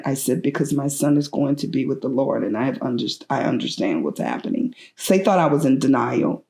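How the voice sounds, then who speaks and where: A woman's voice: low-pitched, warm tone, reverberant. Grieving middle-aged mother telling her story. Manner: earnest, halting with grief, voice breaking at times. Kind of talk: emotional personal testimony.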